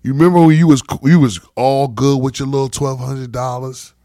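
A man's voice: mid-range voice, fairly even intonation, a little fast, dark tone, no room sound, studio quality. A man on a casual podcast panel, ranting heatedly and emphatically, with frequent cursing.

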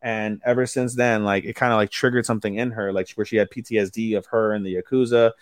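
A man with a low voice talks through anime plots for his podcast, loose and swearing freely, leaning on plenty of fillers. The sound is dry and close, with no room around it. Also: fairly even intonation, fast, dry recording. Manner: loose, profane plot recapping with many fillers. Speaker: podcast co-host. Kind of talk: casual anime review chat.

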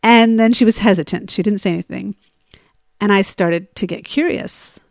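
A woman coach telling a personal story and drawing a lesson from it, in an animated way with frequent laughter. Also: mid-range voice, moderate pace, vocal fry, no echo, clean studio sound. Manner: animated, acts out dialogue, laughs often. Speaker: coach on getting unstuck. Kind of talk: storytelling monologue with advice.

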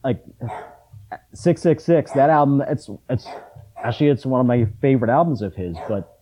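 A middle-aged man chatting casually about concerts, often halting and restarting his sentences with ums. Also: medium pitch, expressive, warm tone, a little hiss or hum, low-quality recording. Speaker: punk fan in conversation. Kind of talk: casual chat.

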